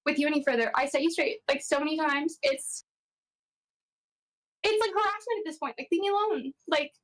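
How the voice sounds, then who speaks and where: Woman, high voice, rapid talker, dismissive, says like a lot. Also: low-quality recording. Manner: dismissive, exasperated, leans heavily on "like". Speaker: streamer in a voice call. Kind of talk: casual argumentative chat.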